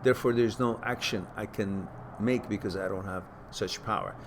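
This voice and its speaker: Guy answering viewer questions live, animated, repeats himself, faint noise behind. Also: normal speed. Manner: animated, repeats words, rises in pitch to stress points. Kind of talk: casual spoken advice talk.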